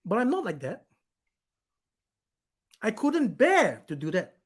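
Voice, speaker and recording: A man's voice: sits high, huge pitch swings, slow pace, breathy edge. A man hosting his own live stream, reading out viewer comments in an irritated, blunt, rambling way and swearing now and then.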